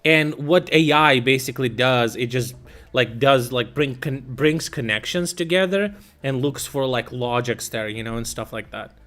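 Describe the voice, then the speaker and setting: A young man chatting casually, telling a story in a rambling, animated way with lots of fillers and swearing. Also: mid-range voice, moderate pace. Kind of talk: casual chat.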